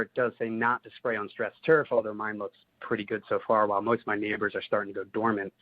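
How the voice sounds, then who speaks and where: A man with a New Jersey accent calls in with a detailed, methodical question, using some "uh" fillers. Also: lowish voice. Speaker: caller. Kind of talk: recorded listener question. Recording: tinny phone-line recording.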